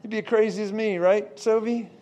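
A man preaching, telling a story with lots of check-ins to his listeners and building to shouts. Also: high-pitched, steady tone, moderate pace. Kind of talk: storytelling sermon.

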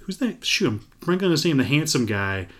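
A man's voice: on the high side, big pitch swings, a little fast, fairly bright tone. A man with an American Midwest accent, co-hosting a casual sports podcast and talking in a laid-back, rambling, joking way. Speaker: podcast co-host.

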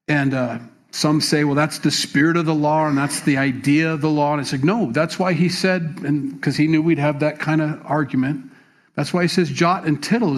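Relaxed, halting male pastor. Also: on the high side, breathy edge. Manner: relaxed, many fillers and repeated words. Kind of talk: sermon.

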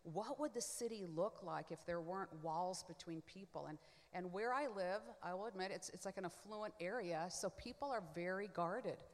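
A woman guest on a panel, giving an expressive personal testimony in a chatty way, full of quick asides and filler words. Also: lowish voice, in a large hall. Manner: expressive, swings from hushed to loud.

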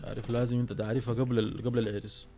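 Gravelly, rapid-fire male guest. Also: medium pitch, level tone, warm tone, soft background music. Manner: laid-back, slangy. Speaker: podcast guest. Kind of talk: casual chat.

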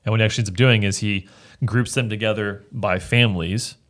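Male pastor, low voice, earnest scripture chat, reads verses aloud with frequent restarts. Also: steady tone, brisk, fairly bright tone. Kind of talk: casual Bible discussion.

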